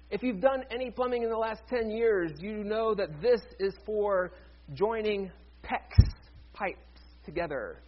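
High-voiced husky man preaching. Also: dull audio. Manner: conversational, joking asides to the congregation. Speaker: pastor. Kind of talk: sermon.

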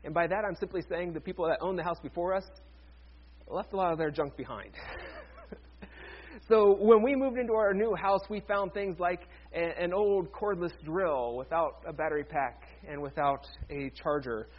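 A man's voice: sits high, normal speed, dull audio. A man, a pastor, preaching a sermon in a conversational way with joking asides to the congregation.

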